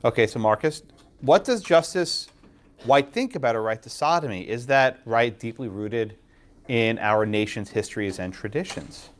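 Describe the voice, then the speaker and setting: A man lecturing a law class, quizzing students and tagging points with quick questions. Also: mid-range voice. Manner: lively, quizzes students, frequent tag questions. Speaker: law professor.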